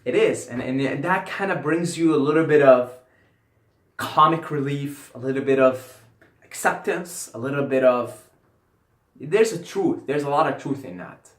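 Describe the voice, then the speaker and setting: A man's voice: medium pitch, measured pace. A man giving a casual philosophical monologue to camera as a vlogger, rambling and repeating phrases for emphasis with casual swearing. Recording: roomy echo.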